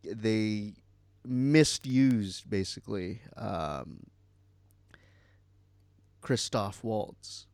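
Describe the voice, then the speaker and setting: A man's voice: on the low side, lively intonation, drawn-out words, pauses often, darkish tone, no echo. A man co-hosting a podcast in casual chat, rambling with many fillers and some swearing. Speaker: podcast co-host.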